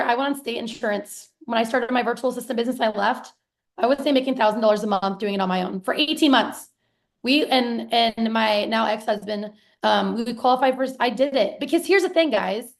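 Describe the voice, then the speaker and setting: A woman in her thirties coaches her viewers over a live stream, excited and chatty, with casual swearing. Her voice sits slightly high and has a gravelly fry to it. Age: 30s. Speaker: business coach.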